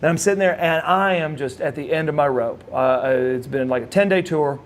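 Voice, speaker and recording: A man from Oklahoma telling a casual anecdote as a guest, his voice sitting a little high for a man. He tells it in an animated way and acts out the other people's lines as he goes. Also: fairly quick, a little hiss or hum. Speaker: guest telling a wrestling story.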